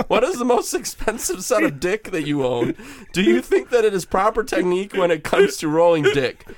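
Man, podcast panelist, high voice, animated, teasing and laughing. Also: normal speed. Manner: teasing, laughs through his lines. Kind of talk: joking questions on a casual podcast.

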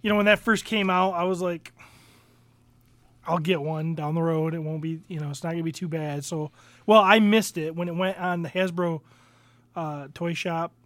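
Casual podcast co-host: a high-voiced man, rambling and hesitant, dry recording. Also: fairly even intonation, moderate pace, no echo. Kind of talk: casual chat.

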